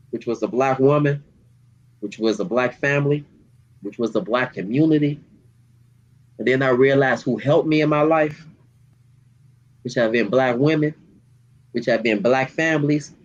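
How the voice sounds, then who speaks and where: A man, a community activist, speaking with deep emotion and street slang in an interview, near tears. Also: highs cut off. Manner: heartfelt, storytelling, street slang. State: holding back tears.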